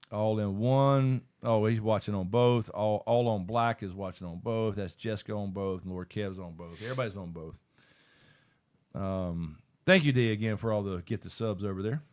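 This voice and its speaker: A man's voice: on the low side, moderate pace, darkish tone, clean tone. A man co-hosting a live stream, reading chat in casual talk, laid-back, swearing and laughing often.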